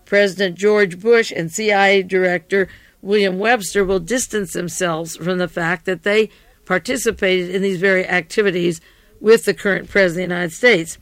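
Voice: mid-range voice, steady tone, normal speed, fairly bright tone, no echo. A radio commentator with a tired voice, giving a rambling, digressive taped monologue that often stops to correct itself.

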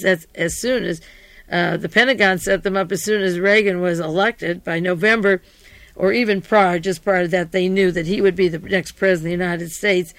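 Tired-voiced commentator, rambling taped radio monologue, mid-range pitch, dry sound. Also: fairly bright tone, no room sound. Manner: rambling, digressive, self-correcting.

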